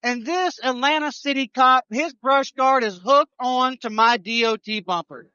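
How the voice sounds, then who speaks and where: A man, a trucker co-host telling a road story on a live show, animated and restarting his sentences. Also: very high-pitched, a little slow, clean tone, no echo, highs cut off.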